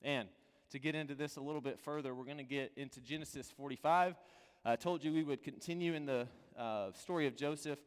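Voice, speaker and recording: A man preaching a sermon as a pastor, earnest and pleading, dropping from loud to hushed. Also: mid-range voice, brisk, clean tone, big-room sound.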